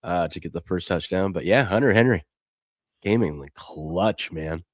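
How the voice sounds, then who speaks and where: A man with a deep voice co-hosts a live sports betting show, speaking at normal speed in clean studio sound with no echo. In this casual live-stream chat, he rambles excitably and reads viewer comments aloud.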